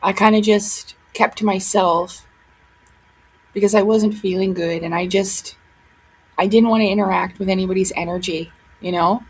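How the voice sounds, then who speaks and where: A woman's voice: medium pitch, steady tone, normal speed, a little hiss or hum, low-quality recording. A young woman talking casually to her camera at home, rambling and emotional, with many fillers and restarts. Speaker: vlogger.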